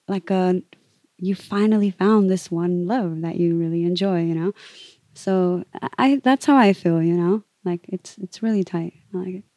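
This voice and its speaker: A woman DJ with a mellow, warm voice talks through her thoughts in a relaxed, meandering way, leaning on "you know" and "like". The recording is dry and close, with no echo. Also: fairly low pitch. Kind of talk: candid interview talk.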